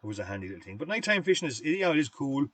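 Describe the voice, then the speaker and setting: Fast-talking Irish man, dry close sound. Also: mid-range voice, big pitch swings, fairly bright tone, no room sound. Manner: rambling storyteller, chatty and folksy. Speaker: fly-tying instructor. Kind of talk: live fly-tying demonstration with anecdotes.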